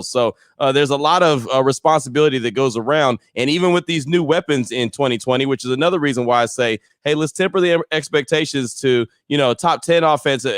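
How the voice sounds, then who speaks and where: Man, sports radio co-host, mid-pitched, opinionated, punchy one-liners. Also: no room sound, studio quality. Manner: opinionated, sums up with catchphrases. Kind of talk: casual sports radio chat.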